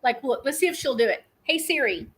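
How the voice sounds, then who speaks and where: Speaking fast in a high voice, this middle-aged woman rambles through stories on a casual live stream, laughing often as she chats. The audio quality is rough.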